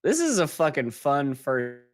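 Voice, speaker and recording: A man co-hosting a casual live-streamed comedy chat with drawn-out, amused exclamations. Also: medium pitch, huge pitch swings. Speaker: co-host.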